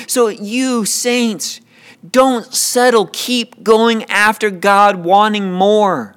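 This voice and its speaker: A man's voice: high-pitched, fairly even intonation, very slow, fairly bright tone, clean tone. A man preaching a sermon with passion, often repeating words as he builds a point.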